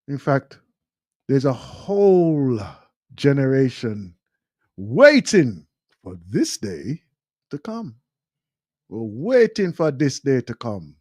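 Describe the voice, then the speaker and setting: A man's voice: medium pitch, darkish tone, no room sound, studio quality. A man hosting a live talk radio show, delivering an impassioned monologue and repeating phrases for emphasis.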